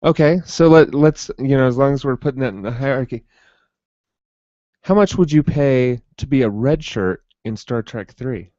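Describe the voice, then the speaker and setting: Dry sarcastic dude co-hosting a podcast, dead dry room, dull lo-fi audio. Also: male voice, mid-range voice, moderate pace, mellow, dry recording. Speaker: podcast co-host. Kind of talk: casual chat.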